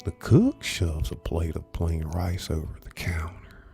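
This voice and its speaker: A man reading a story aloud in a soft, unvoiced whisper, as whispered role-play. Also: low-pitched, lively intonation, a little slow, faint music behind. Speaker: narrator, reader.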